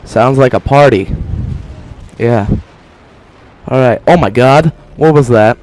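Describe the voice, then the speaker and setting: A man commenting over his gameplay in a mock-serious deadpan voice that breaks into excited outbursts. His voice sits in an ordinary middle pitch. Faint noise and game gunfire run behind him. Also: unhurried, long pauses. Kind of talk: joking live game commentary. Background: game gunfire and explosions.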